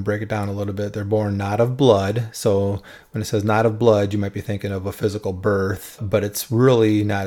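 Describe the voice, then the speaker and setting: A man explaining Bible verses in a relaxed, conversational way, often checking in with a questioning "right?". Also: lowish voice. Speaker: Bible teacher.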